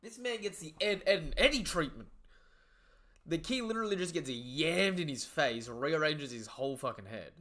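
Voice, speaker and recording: Speaking at a moderate clip, a young guy reacts live in a loose, excited way, using plenty of slang and cursing, often trailing away into low mutters.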